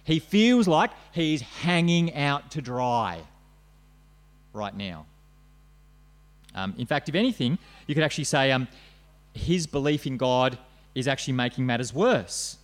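A man's voice: medium pitch, lively intonation, measured pace, pauses often. A man preaching a sermon, earnest and repetitive, reading scripture aloud to his congregation. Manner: earnest, repeats phrases, reads scripture aloud.

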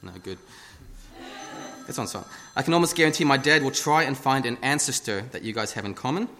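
A man's voice: mid-range voice, animated, fairly quick, bright, forceful tone. A man giving a casual, self-deprecating sermon into a lectern microphone in a church. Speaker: lay preacher. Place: church hall.

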